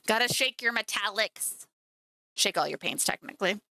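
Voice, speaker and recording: A woman's voice: mid-range voice, animated, moderate pace, bright, forceful tone. A woman streaming as she paints miniatures, chatting casually and teasing her cat at home. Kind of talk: casual live-stream chat.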